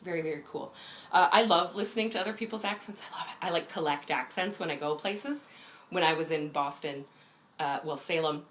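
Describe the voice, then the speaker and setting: A woman's voice: low voice, a little fast, fairly bright tone. A woman hosting a witchcraft livestream, chatting enthusiastically about crystals with plenty of fillers. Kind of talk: casual livestream talk.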